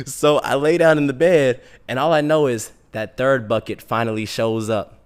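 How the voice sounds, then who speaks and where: Young man, comic storytelling, animated, self-mocking. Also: mid-range voice, moderate pace, smooth.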